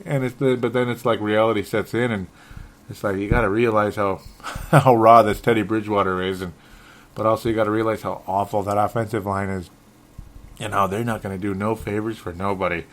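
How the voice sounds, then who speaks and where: A man's voice: fairly low pitch, steady tone, a little fast. A man hosting a solo sports talk show, frustrated and rambling, often correcting himself and chuckling. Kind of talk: solo sports podcast commentary.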